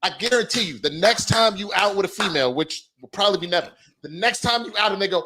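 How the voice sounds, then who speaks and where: With a high-pitched, slightly rough voice, an American man co-hosting a comedy podcast rattles off profane stories fast, barely pausing. His casual comedic chat is animated and packed with laughter.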